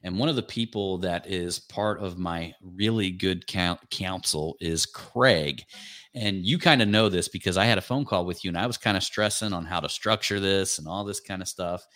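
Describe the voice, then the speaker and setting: Excited rambling man hosting a chat. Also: deep voice, dry recording, clean studio sound. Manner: excited, rambling, lists names rapidly. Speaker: podcast host. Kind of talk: casual chat.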